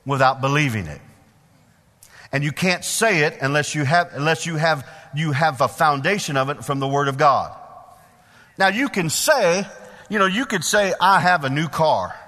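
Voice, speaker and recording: Folksy preacher man in a reverberant hall. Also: fairly high pitch. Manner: folksy, animated, calls out questions to the congregation. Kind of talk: sermon. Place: church hall with a congregation.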